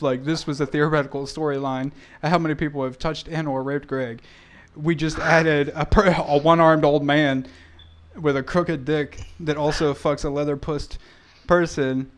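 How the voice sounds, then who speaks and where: A man hosting a crude casual podcast, rambling and swearing between laughs. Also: on the high side. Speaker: podcast host.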